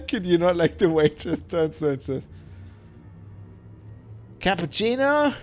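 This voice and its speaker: Male streamer, tipsy, loose chatty rambling, swears a lot, slightly high voice. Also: very animated, moderate pace, a little mellow, soft background music. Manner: rambling, laughs often, swears. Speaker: live streamer. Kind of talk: casual chat.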